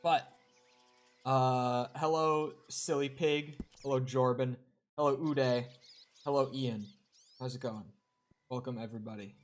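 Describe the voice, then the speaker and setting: A man's voice: medium pitch, fairly even intonation, a little slow, pauses often. A young man streaming a video game, chatting casually with his viewers and swearing now and then while he plays. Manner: chatty, swears, talks to chat while playing. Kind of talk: casual live-stream chat over gameplay.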